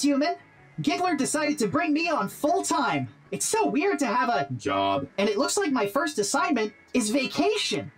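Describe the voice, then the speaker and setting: An upbeat, earnest robot gig worker for a game, chipper and eager to please. The voice bounces with animated, lively pitch. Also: female voice. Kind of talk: game character dialogue.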